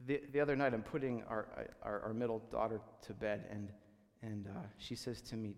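A man's voice: lowish voice, steady tone, fairly quick, hardly any pauses, big-room sound. A man preaching a sermon as a pastor, conversational and full of restarts, acting out the people he quotes.

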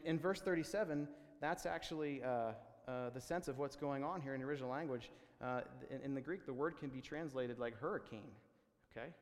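A man preaching a sermon in a loose, conversational way, with many fillers and restarts, sometimes building to excited exclamations. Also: mid-range voice, big-room sound. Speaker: pastor.

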